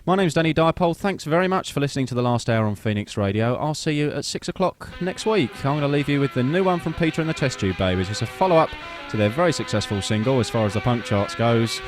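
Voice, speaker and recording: A man's voice: mid-range voice, animated, quick pace, few pauses, music in the background. A man doing casual pirate-radio DJ links between records, chatty, offhand and self-deprecating, with the odd "uh".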